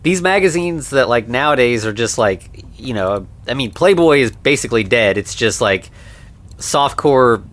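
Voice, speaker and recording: A man's voice: mid-range voice, animated, normal speed, a bit bright. A man co-hosting a podcast, casually recapping an old movie with lots of "like" and "you know.". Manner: rambling, heavy on fillers like "like" and "you know". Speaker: podcast co-host.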